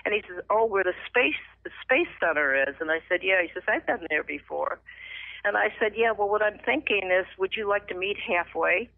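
A middle-aged woman telling her personal faith testimony as a radio guest, emotional and animated, acting out the voices in her story. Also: medium pitch, normal speed, creaky, no echo. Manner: emotional, animated retelling with lively acted quotes. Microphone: phone. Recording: tinny dry phone line.

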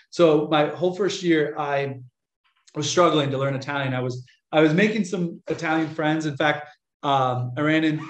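A man, a Catholic priest, gives a casual lecture in a fairly high voice. He talks in an animated, chatty way and often breaks off and restarts his sentences. The sound is roomy and echoey. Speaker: catholic priest giving a talk.

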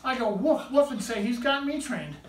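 A woman presenting her pet bird's tricks in showman patter, animated and coaxing as she praises the bird. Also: fairly high pitch, fairly quick. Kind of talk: showman patter to a live audience. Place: indoor room with a pet bird. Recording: echoey room, mic at a distance, faint noise.

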